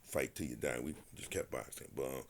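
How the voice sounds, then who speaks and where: A man who is a retired boxer, guesting on a podcast and telling a story in an animated, profane way while acting out the quotes. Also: very deep voice, brisk, a little hiss or hum.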